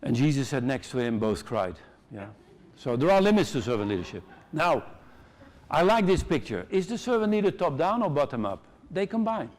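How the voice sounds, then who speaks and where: A middle-aged man with a Dutch accent giving an animated, joking conference keynote in a large hall. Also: a little high, moderate pace. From Netherlands. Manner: animated, joking, acts out quoted voices. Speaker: conference speaker.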